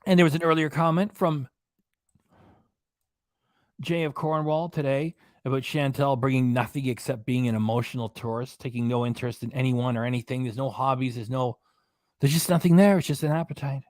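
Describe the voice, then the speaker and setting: A man's voice: mid-range voice, steady tone, a little fast, darkish tone, dry recording. Sarcastic guy ranting on his reaction stream, rambly, dry mic. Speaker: commentary channel host. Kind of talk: livestream reaction commentary.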